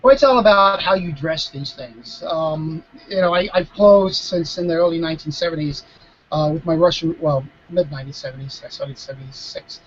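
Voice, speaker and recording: A man in his fifties, a mentalist guest, explaining his craft in a live video Q&A with emphatic, animated storytelling and frequent restarts. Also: fairly high pitch, moderate pace, muffled recording, slight background noise. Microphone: video call.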